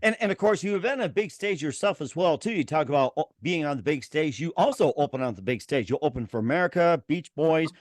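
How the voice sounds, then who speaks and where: A man's voice: on the high side, animated, quick pace, hardly any pauses, no room sound, clean studio sound. A man hosting an interview show, upbeat, repeating his phrases and reading sponsor plugs. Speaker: show host.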